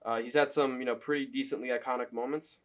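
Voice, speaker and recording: A man's voice: medium pitch, steady tone, quick pace. A young man giving loose, profane opinion commentary as a fan, full of fillers and laughs.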